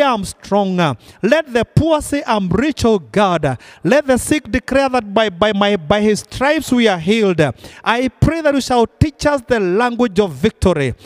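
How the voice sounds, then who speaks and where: Male preacher, very high voice, fervent, repetitive declarations, sermon and prayer.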